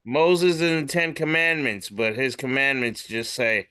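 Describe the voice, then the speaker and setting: A man hosting a podcast, casually describing memes and jumping into animated voices for the captions. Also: medium pitch, unhurried, clean tone. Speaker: podcast host.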